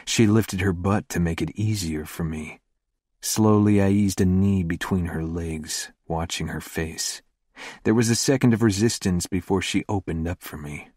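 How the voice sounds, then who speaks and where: A man narrating a first-person romance audiobook in a slow, hushed, intimate delivery. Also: low voice, no echo, studio quality.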